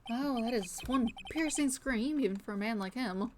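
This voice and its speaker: A woman's voice: fairly high pitch, normal speed, background noise. A young woman streamer making wry, casual asides while playing a game. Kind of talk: live gameplay commentary.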